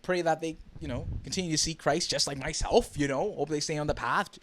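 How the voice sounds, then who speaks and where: A young man from the Bahamas hosting a podcast alone, telling a story in a casual, excitable way with many fillers and restarts. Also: on the high side, fairly quick. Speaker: podcast host.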